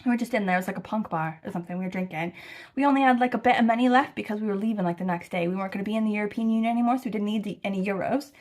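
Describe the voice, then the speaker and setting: A young American woman chatting casually to camera about her travels, rambling and animated, with lots of fillers and swearing. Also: mid-range voice, racing. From United States. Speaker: travel vlogger. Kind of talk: casual chat.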